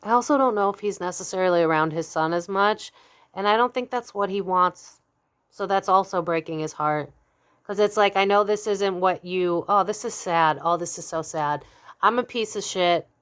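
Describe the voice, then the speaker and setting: Woman, young adult, psychic tarot reader, casual, blunt, candid, swears a lot, laughs often, slightly low voice. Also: moderate pace, fairly bright tone, smooth. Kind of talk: casual spoken tarot reading.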